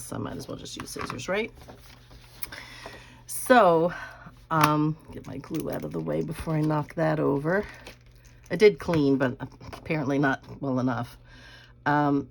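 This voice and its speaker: Low-voiced lady in her 50s chatting while she crafts, folksy stories, little laughs, faint hiss behind. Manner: drops to a quiet aside while working on crafts. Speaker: craft channel host. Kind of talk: casual chat while crafting.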